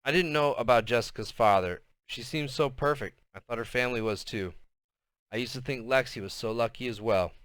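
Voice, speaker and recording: Bright, clear man reading a novel aloud. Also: medium pitch, no echo. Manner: unhurried reading with small slips. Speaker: reader.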